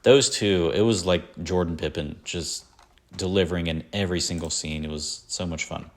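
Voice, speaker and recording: A man's voice: low voice, moderate pace. A man hosting a podcast, chatting casually in a rambling way, with many fillers and self-corrections. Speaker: podcast host. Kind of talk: casual chat.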